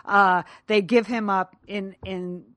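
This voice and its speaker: A woman co-hosting a casual chat, recapping a TV episode with quick asides and frequent laughs. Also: mid-range voice, fairly even intonation, fairly bright tone. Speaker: podcast co-host.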